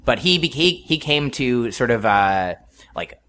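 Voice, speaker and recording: A man's voice: medium pitch, sing-song, measured pace, a bit bright. A man from New Jersey, a comedian in his thirties, talking in a casual podcast chat, rambling and self-correcting with a wry edge. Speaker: comedian guest.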